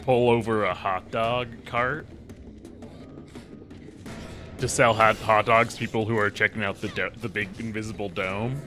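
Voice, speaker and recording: A man's voice: fairly low pitch, fairly even intonation, moderate pace, pushed and bright, soft background music. A man chatting casually while playing a video game, rambling, swearing freely and trailing off mid-sentence. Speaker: gameplay commentator.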